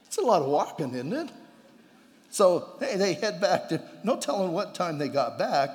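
A man preaching a sermon as a pastor, talking in a conversational, animated way and acting out quoted dialogue, recorded in a church. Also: sits high, moderate pace, in a large hall.

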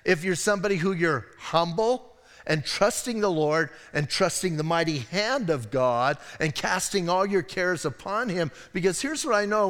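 Chatty male pastor in reverberant hall. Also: sits high. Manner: conversational, digressive, animated asides. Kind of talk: sermon. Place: church sanctuary.

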